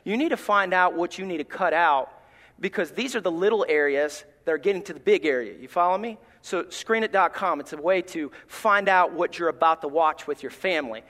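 High, bright-voiced preacher man with a twang. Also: fairly quick, in a large hall. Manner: folksy, animated, joking with the congregation. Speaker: associate pastor. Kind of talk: sermon. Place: church sanctuary.

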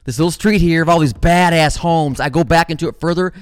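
Animated middle-aged man telling a story. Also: on the high side, quick pace, smooth, no echo. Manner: animated, profane, addresses listeners as guys. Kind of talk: casual storytelling.

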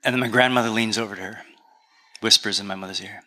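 Man, pastor, Canadian accent, chatty humorous sermon, very bright tone. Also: lowish voice, fast. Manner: conversational storytelling with humor.

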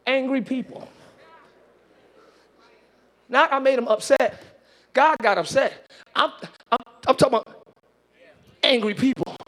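Delivering a sermon as pastor, this man speaks in an extremely high pitch, unhurried and pausing often. He dramatizes everyday scenes and shouts his points at the congregation.

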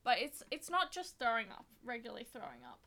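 A woman's voice: on the high side, huge pitch swings, fast talker, bright, forceful tone. An Australian woman co-hosting a casual podcast, telling rambling stories with lots of giggles. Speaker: podcast co-host.

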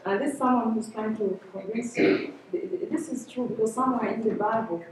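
A woman's voice: a little high, fairly quick, a little mellow, a little hiss or hum. Hesitant woman, distant and echoey. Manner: hesitant, searching for words. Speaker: class member. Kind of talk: class discussion. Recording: distant, echoey room mic.

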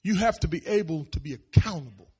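A man preaching a sermon in church, animated, repeating phrases and building up to shouts. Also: fairly high pitch, fast, husky. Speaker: pastor. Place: church service.

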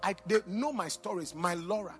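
A man, a pastor and doctor, preaching a sermon with personal stories, swinging between loud exclamations and quiet asides, in a church hall. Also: high voice, moderate pace, breathy edge, soft background music. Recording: long reverb in a large hall.

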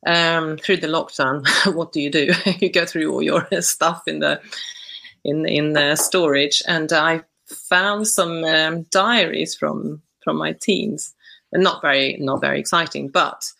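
Low, gravelly-voiced woman guest; crisp bright tone; hesitant, reflective talker. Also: fairly even intonation, measured pace, poor audio. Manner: hesitant, thinks aloud with many restarts. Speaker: podcast guest. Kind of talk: reflective conversational interview.

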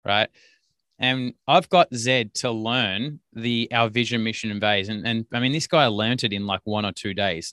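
A man's voice: fairly low pitch, sharp tone, no echo. A man hosting a podcast, telling a rambling business story full of fillers and restarts. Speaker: podcast host and business coach. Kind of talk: casual storytelling monologue.

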